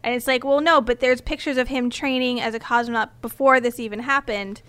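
A woman's voice: a little high, steady tone, brisk, a bit bright, smooth. A woman co-hosting a casual podcast, explaining a story step by step with frequent ums and restarts. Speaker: podcast co-host presenting the story. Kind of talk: casual chat.

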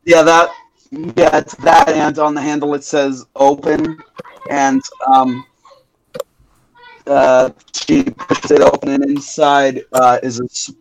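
Halting young male game master. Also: on the high side, level tone, a little hiss or hum, poor audio. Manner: halting, many fillers and restarts. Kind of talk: narrating a tabletop game.

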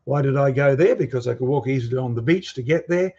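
A man's voice: medium pitch, fast, a little mellow, dull audio. A man giving a lecture with slides, emphatic and full of rhetorical questions and challenges to his audience. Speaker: guest speaker on creation and fossils.

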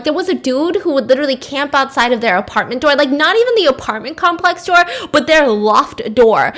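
A woman host casually retelling a dark story on a podcast, chatty and full of fillers. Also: high-pitched. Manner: chatty, many "like" fillers, quick asides.

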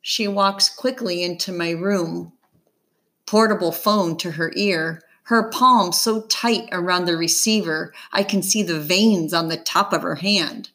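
A woman narrating a children's novel in the first person, calm and measured. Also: fairly low pitch. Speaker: audiobook narrator.

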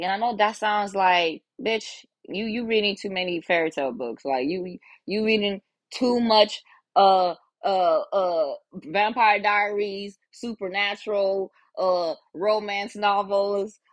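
With a mid-range voice and no echo, a young woman runs a podcast on her own. She's frank, casual, and full of curse words, and she often plays out what her inner voice is saying.

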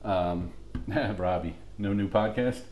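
A man co-hosting a podcast, swearing freely in casual, animated chat about old football games. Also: lowish voice, slow, echoey room, a little hiss or hum. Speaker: podcast co-host.

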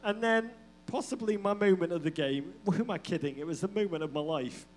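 A man's voice: high voice, brisk, darkish tone. A man co-hosting a live comedic football podcast, telling stories in a playful, mock-dramatic way and laughing often. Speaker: podcast co-host. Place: live show venue.

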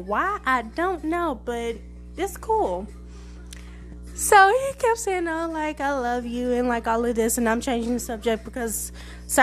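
A young woman telling a story in a casual podcast monologue, animated and sassy, with lots of fillers. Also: on the high side. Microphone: phone voice message.

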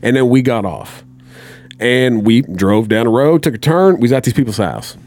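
A man's voice: mid-range voice, expressive, normal speed, a little mellow, no room sound. A swearing storyteller man, close and dry. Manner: rambling, heavy swearing, acts out quotes. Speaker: podcast guest. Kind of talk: casual storytelling.

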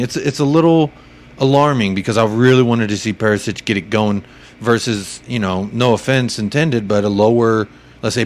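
Lower-voiced man chatting football. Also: a little hiss or hum. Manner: thinks aloud, jokey asides. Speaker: podcast co-host. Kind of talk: casual sports chat.

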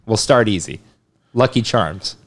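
A man's voice: fairly low pitch, expressive, unhurried. A man hosting a casual podcast, joking around loosely and running a quiz game. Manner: laid-back joking quiz-giver. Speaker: podcast host. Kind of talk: casual chat.

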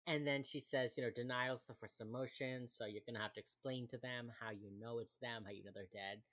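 A woman's voice: rumbling low, fairly even intonation, a little fast. A young woman co-hosting a podcast, casually recapping a TV episode, chatty and laughing often as she acts out the characters' lines. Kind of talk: casual chat.

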